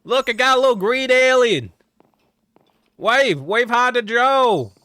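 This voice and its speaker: A man voicing a small cheerful green alien in a squeaky, chirpy voice during a game stream. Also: animated, slow, bright, forceful tone, smooth, no room sound, exaggerated voice.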